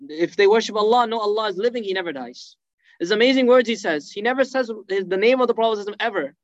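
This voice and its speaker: A man's voice: high voice, quick pace, no echo, lo-fi sound. A man preaching a sermon, retelling a sacred story fervently, acting out quotes and weaving in Arabic phrases. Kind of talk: emotional religious storytelling lecture.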